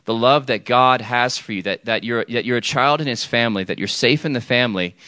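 A man's voice: mid-range voice, brisk, sharp tone, no echo. A man preaching an informal sermon, talking with the audience, checking in with "okay?" often and restarting his sentences. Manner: chatty, frequent "okay?" and restarts, jokes with audience.

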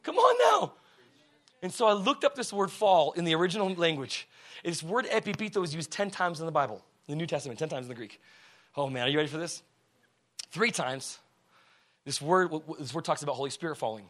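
A fiery male preacher with a high voice delivers a sermon in a church, talking to the congregation in loose, slangy language. He swings from ringing shouts to quiet, close words and keeps asking the crowd if they are ready. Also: quick pace. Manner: energetic, swings from shouting to hushed talk; slangy and conversational, asks the crowd questions.

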